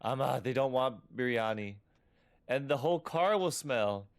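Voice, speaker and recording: A man's voice: medium pitch, expressive, unhurried, clean tone. A man reading the lines of a defensive young son leaving for university, curt and exasperated. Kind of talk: reading game dialogue aloud.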